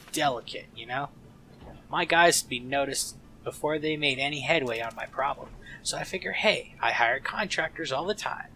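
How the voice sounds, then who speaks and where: A man's voice: medium pitch, bright, forceful tone, slight background noise. A man doing a nasal dwarf hustler. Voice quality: nasal, attempted New York accent. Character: rotund, pushy male dwarf businessman. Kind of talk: video game dialogue read-aloud. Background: game music.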